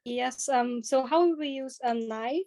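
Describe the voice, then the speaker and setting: A woman's voice: high-pitched, unhurried, a little mellow, no room sound. A woman student in an online class, answering and asking questions hesitantly. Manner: hesitant, tentative.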